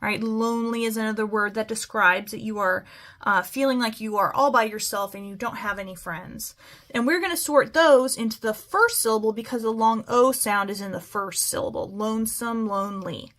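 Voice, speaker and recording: A woman's voice: on the high side, fairly bright tone. A woman teaching a phonics lesson to children, stretching out words as she models them. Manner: slow, stretched-out word modeling.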